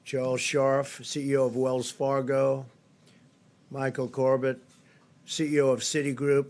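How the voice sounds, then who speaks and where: A man's voice: medium pitch, flat delivery, unhurried, darkish tone. An older man giving a press briefing at a podium microphone, repeating himself with emphatic superlatives. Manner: repetitive, emphatic, superlative-heavy delivery. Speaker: political leader giving a briefing. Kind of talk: spoken press briefing remarks. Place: briefing room.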